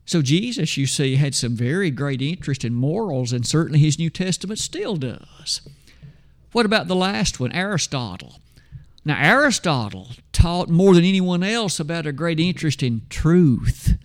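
A man preaching a sermon, emphatic, asking rhetorical questions and slowing down to stress scripture. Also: on the high side, animated.

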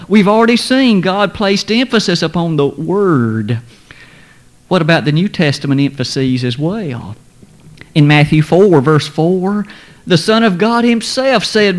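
Man, preacher, sermon, formal and measured, slightly high voice. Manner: measured, formal, stresses quoted scripture slowly. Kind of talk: sermon lesson.

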